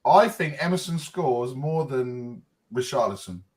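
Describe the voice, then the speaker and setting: A middle-aged man chatting as a co-host, telling lively family stories and laughing often. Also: mid-range voice. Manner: animated storyteller, quick to laugh. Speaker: co-host and football fan. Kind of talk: casual fan chat and storytelling.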